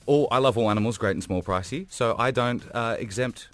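A man co-hosting a radio show, telling a funny story in casual, animated chat with self-mocking humor and a noticeable accent. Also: mid-range voice, fairly quick, soft background music. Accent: non-local accent.

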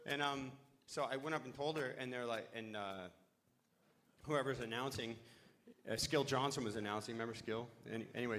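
A man's voice: medium pitch, fairly bright tone. A middle-aged man on a live panel telling a long, rambling story, swearing freely and losing his thread.

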